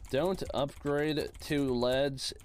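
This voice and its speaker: A man's voice: medium pitch, fairly even intonation, very slow, a little hiss or hum. A man streaming a game live, reading chat messages aloud and answering them in a casual way.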